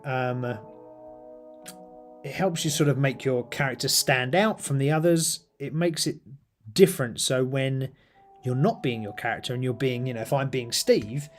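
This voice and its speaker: A man's voice: medium pitch, measured pace, soft background music. A middle-aged British man casually chatting on his live stream while painting miniatures, rambling with lots of ums and uhs.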